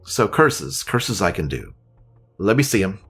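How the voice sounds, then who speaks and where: A man's voice: low voice, big pitch swings, unhurried, a bit bright, husky, exaggerated voice. A man voicing a stern, bossy elderly priestess in a tabletop game. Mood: brisk. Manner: commanding, clipped orders.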